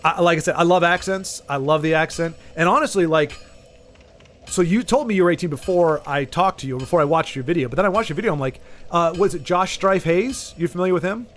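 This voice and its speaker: With faint music in the background, a man speaks briskly in a higher-than-average voice while playing a game on stream. He has a Southern Texan accent and chats casually with viewers, drifting off mid-thought and restarting his sentences as he rambles.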